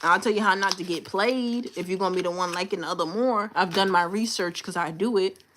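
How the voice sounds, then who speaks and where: A little fast and a bit bright in a mid-range voice, a woman runs a livestream over slight hiss or hum. She chats confidently in blunt slang directly to viewers, repeating points for emphasis.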